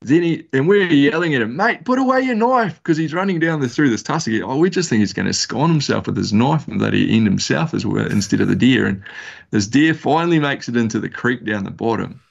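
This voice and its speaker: A man's voice: medium pitch, expressive, fairly quick, vocal fry, breathy edge, muffled recording. A man with a New Zealand accent telling hunting stories as a podcast guest, rambling and laid-back with lots of slang and fillers. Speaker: podcast guest, bush hunter. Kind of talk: casual storytelling.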